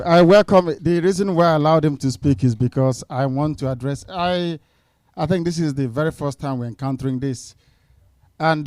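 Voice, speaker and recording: A man's voice: a little high, a little mellow, clean studio sound. A man speaking at a town hall debate, firm and insistent, repeating short commands. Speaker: movement leader addressing a town hall.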